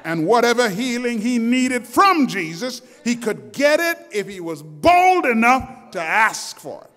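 A male pastor preaching a sermon, telling a story dramatically and shouting out its cries. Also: very high-pitched, sing-song, a little slow, long reverb tail. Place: church sanctuary.

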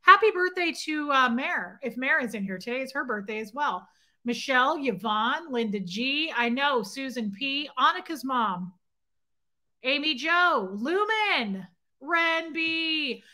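A woman in her late thirties hosts a casual livestream, reading out viewer names with playful nicknames. Her voice sits high and bright, with a chatty, bubbly manner throughout. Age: 30s. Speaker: livestream host. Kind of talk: casual live chat reading viewer comments.

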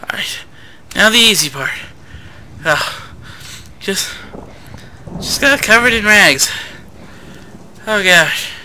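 A woman's voice: medium pitch, animated, takes it slowly, pauses often, pushed and bright, slight background noise. A woman commenting on a video game as she plays, squeamish and pleading with the game, talking through clenched teeth. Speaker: let's play gamer. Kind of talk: gameplay commentary.

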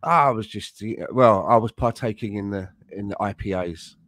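A man from Canada, co-hosting a podcast and talking through a match in a measured, thoughtful way. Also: lowish voice, a bit bright, dry recording. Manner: measured, thoughtful, hesitant with fillers. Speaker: podcast co-host. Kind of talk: casual chat, match analysis.

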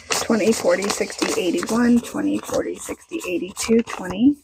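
Bubbly woman vlogger, mid-pitched voice, chatty and excitable while counting money. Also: normal speed, vocal fry, background noise. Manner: bubbly, excitable, talks to herself as she counts. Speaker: budgeting vlogger. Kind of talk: casual vlog chat while counting cash.

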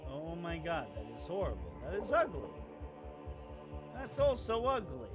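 A man's voice: on the high side, huge pitch swings, measured pace, over music. A man hosting a let's play in casual game commentary, sarcastic and exclaiming, swearing freely, recorded at home on a rolling chair.

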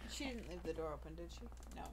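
A woman's voice: low voice, animated, fast, heavy background noise. A woman co-hosting a game stream, chatting in a laid-back way and laughing often. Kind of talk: casual chat during a game playthrough.

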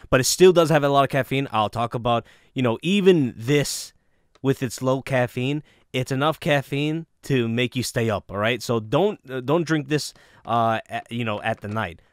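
Rambling man with a lively, smooth voice. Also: mid-range voice, no echo. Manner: rambling, many fillers and restarts. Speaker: product reviewer. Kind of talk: casual product review.

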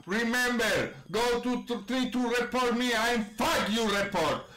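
Man yelling taunts in broken English. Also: very high-pitched, measured pace, echoey room. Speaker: online game troll. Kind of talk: in-game voice chat.

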